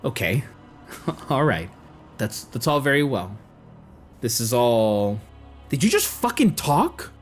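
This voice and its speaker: A man's voice: medium pitch, very animated, slow pace, long pauses, faint music behind. A man voicing a blunt, swearing adult woman adventurer who is lost with her dog. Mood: startled.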